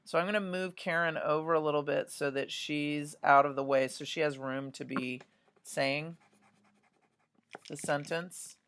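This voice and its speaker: A woman's voice: low voice, steady tone, a little slow, fairly bright tone. A woman art teacher talks students through a drawing demonstration, chatty and often checking in with "right?".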